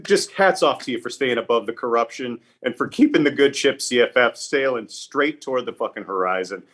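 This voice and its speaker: Man, festival host, mid-pitched voice, joking, swears a lot, casual stream banter. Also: animated, fairly quick, fairly bright tone. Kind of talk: casual live-stream chat.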